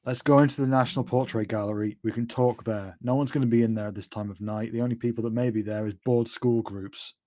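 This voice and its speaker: A man voicing a female vampire hunter who brags of being a holy chosen warrior, with exasperated, quick retorts in his own plain voice. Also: medium pitch, fairly even intonation, warm tone, no room sound, close to an everyday voice. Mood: conceding.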